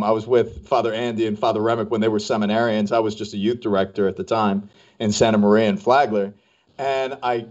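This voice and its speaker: An animated man co-hosting a podcast, telling a personal story and slipping into the voices of the people in it. His voice sits at an ordinary pitch. The recording is slightly dull and lo-fi. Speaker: co-host. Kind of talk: casual storytelling.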